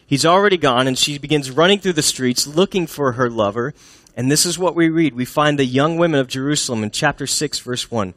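A man's voice: a little high, fairly quick, a bit bright, no room sound. A man preaching a sermon in a church, speaking in a humorous, conversational way and asking the congregation questions. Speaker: pastor.

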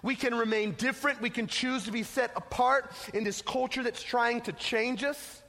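A man's voice: extremely high pitch, fairly even intonation, moderate pace, pushed and bright. A man preaching a casual, emphatic sermon to teenagers as a youth pastor, telling a story, in an echoey hall.

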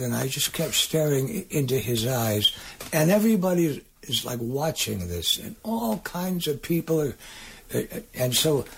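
Raspy, gravelly older man telling stories. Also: medium pitch. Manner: rambling, halting anecdotes. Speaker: guest singer-songwriter. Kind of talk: casual interview storytelling.

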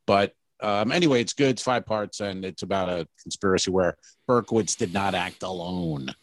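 A man with a lowish voice chats loosely on a comedy podcast, recorded close and dry with no room sound. He rambles through his stories with animated asides and quick quoted voices. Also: no echo. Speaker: podcast co-host. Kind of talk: casual comedy podcast chat.

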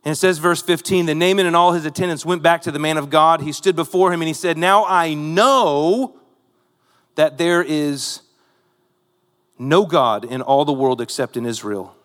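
A man's voice: a little high, fairly even intonation, fairly quick, fairly bright tone, big-room sound. A man preaching a sermon, retelling a Bible story in a conversational way with rhetorical asides to the congregation. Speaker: pastor.

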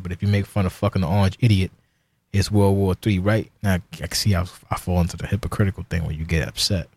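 A man's voice: lowish voice, darkish tone, no room sound. A man hosting his own podcast, ranting alone in a heated, profane, rambling way. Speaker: podcast host. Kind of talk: casual solo rant.

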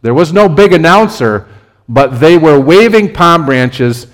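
A man preaching a conversational sermon as pastor, his delivery lively and building to emphatic peaks. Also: on the high side, unhurried.

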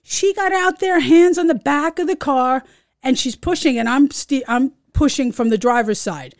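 Animated storyteller woman. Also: high voice, moderate pace, no echo, clean studio sound. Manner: animated, swearing, acts out voices. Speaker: podcast co-host. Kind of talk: casual storytelling chat.

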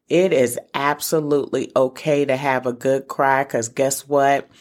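A middle-aged woman hosting a casual solo podcast, talking earnestly and encouragingly straight to her listeners. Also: rumbling low. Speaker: podcast host for single moms.

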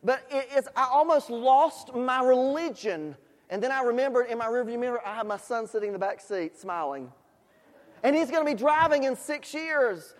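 A man's voice: very high-pitched, normal speed. Folksy male preacher in a reverberant church. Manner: folksy, animated storytelling with asides to the congregation. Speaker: pastor. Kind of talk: sermon. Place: church sanctuary. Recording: long hall reverb in a church.

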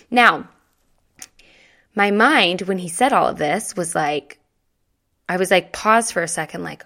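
A woman in her thirties telling a personal story in a chatty, animated way, acting out quoted dialogue. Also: medium pitch, normal speed. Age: 30s. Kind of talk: casual storytelling to camera.

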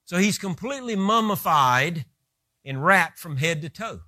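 High, bright-voiced male preacher. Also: expressive, a little slow, no echo, clean studio sound. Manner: retells scripture with vivid, rising emphasis. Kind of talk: sermon.

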